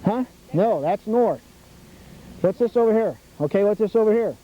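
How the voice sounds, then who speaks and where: Recorded outdoors in dull, slightly noisy 1990s public access TV audio, a middle-aged nature show host walks scouts along a birdhouse trail. He coaches them in a teacherly, enthusiastic manner with a high-pitched, expressive voice at a moderate pace.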